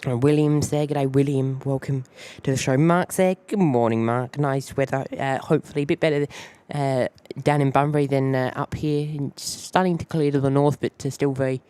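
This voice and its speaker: A man's voice: medium pitch, steady tone, moderate pace, few pauses, mellow, clear, resonant tone, no room sound. A man with an Australian accent hosting a live plane-spotting stream, rambling loosely and greeting viewers by name.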